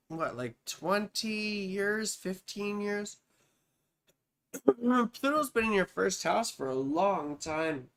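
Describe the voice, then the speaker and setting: A woman's voice: medium pitch, lively intonation, slow pace. A woman astrologer giving a live chart reading. She talks in a rambling way, drifts into asides, and calls the viewer sweetheart and baby.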